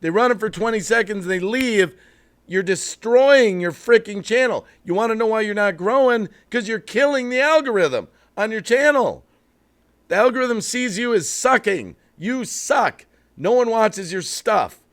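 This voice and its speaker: A man hosts a live stream and rants bluntly about channel growth. His voice sits high and jumps all over the place as he gets worked up. Now and then he drops into sheepish apologies. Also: expressive, moderate pace, fairly bright tone. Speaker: livestream host. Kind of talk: live-stream rant to chat.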